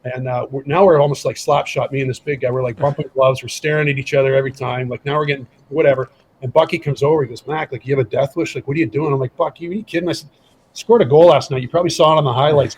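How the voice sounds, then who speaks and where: The speaker, a middle-aged ex-hockey enforcer guesting on a podcast, races through a casual story in a mid-range, slightly rough voice. He acts out quoted lines with animation, and the recording quality is rough.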